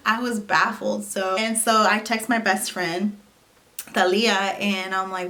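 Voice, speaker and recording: A young woman talks straight to camera in a casual vlog, telling a personal story. She is animated and chatty, and she leans on "like" and "you know" as she goes. Her voice sits at an ordinary middle pitch for a woman. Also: normal speed. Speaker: vlogger.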